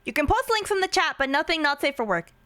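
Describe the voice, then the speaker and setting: A woman's voice: high-pitched, very animated, quick pace, a bit bright. A woman streaming casually, playful and giggly, trying out silly voices between chatting with viewers.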